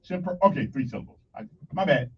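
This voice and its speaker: A man hosting morning radio, animated and jokey, talking straight to his listeners. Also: a little high, fast, breathy edge. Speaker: radio show host. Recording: dull lo-fi radio sound, slightly distant.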